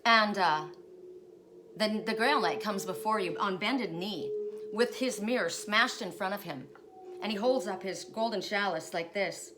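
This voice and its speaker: A woman's voice: mid-range voice, a little slow, noisy background. A woman telling spiritual stories in a casual vlog, emotional and rambling, often ending her sentences with "right?". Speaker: spiritual guidance storyteller.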